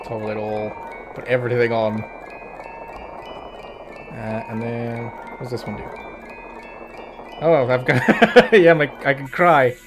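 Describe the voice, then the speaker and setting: A male VTuber streamer talks casually to his viewers at an ordinary middle pitch. He is chatty and keeps slipping into giggles. Soft music plays faintly in the background. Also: slow pace, long pauses. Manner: chatty and giggly, often breaking into laughter. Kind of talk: casual livestream chat.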